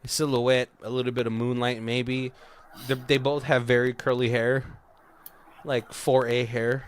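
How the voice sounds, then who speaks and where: A man's voice: mid-range voice, little pitch movement, a little slow, smooth. A man on a podcast casually retelling a film plot, rambling and breaking into laughter often. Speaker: podcast co-host. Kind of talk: casual movie recap.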